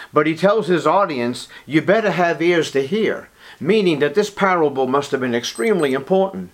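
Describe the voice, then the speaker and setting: A man preaching a Bible sermon, emphatic and dramatic, sometimes dropping to a whisper. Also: mid-range voice. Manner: emphatic, drops to a whisper for quoted lines.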